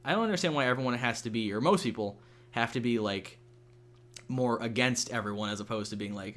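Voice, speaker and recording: A man's voice: medium pitch, fast talker, fairly bright tone. A young man hosting a gaming channel, chatting casually and rambling with lots of fillers and swearing while he plays. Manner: rambling, many fillers and restarts, swears freely. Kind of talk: casual gameplay chat.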